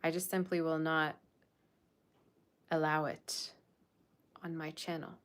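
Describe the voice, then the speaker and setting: A woman's voice: deep voice, little pitch movement, slow pace. A woman tarot reader talking casually to her viewers, blunt and sassy, scolding them about their standards. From Persian Russian background. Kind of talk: casual tarot reading monologue.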